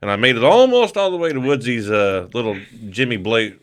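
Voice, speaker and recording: A man's voice: mid-range voice, sing-song, fairly quick, clean tone. A man on a podcast telling a rambling story, laughing often and swearing freely. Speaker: podcast guest. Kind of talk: casual storytelling.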